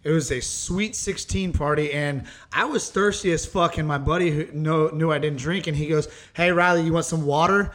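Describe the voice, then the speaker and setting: A man's voice: a little high, steady tone, normal speed, few pauses. A young man co-hosting a podcast, telling stories in a profane, casual way and saying "dude" often. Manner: profane, storytelling, says "dude" a lot. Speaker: podcast co-host. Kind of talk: casual chat.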